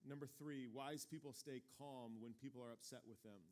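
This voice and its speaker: A man's voice: medium pitch, normal speed. A man in his forties giving a casual, conversational sermon as pastor, telling stories and acting out the people in them. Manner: animated storytelling, acts out quoted voices. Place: church sanctuary.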